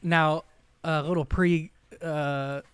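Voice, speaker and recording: A man with a slightly high, smooth voice chats easily on a podcast. The sound is dry and close, and he fills his talk with "like" and frequent laughs. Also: steady tone, takes it slowly, no room sound. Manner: laid-back, heavy use of "like", laughs often. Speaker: podcast co-host. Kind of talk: casual chat.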